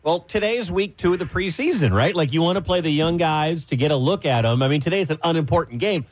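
A man's voice: fairly high pitch, expressive, quick pace. A man co-hosting a sports radio show, making wry, joking remarks in banter.

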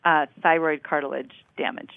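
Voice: medium pitch, flat delivery, vocal fry, smooth, dry recording. Hesitant podcast co-host on a tinny line. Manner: hesitant, with restarts, measured. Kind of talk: casual chat.

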